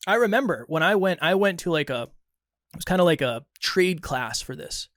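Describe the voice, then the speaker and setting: A man's voice: high voice, normal speed, no echo, clean studio sound. A young adult man from Massachusetts, co-hosting a podcast in casual chat and acting out dialogue as he tells a story. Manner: animated storyteller, acts out quoted dialogue. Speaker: podcast co-host.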